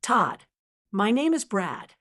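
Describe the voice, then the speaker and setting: A woman voicing a slick, desperate male con man who talks in smooth sales patter and turns to hissed pleading. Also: a little high, big pitch swings, slow, a bit bright, full character voice. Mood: panicked.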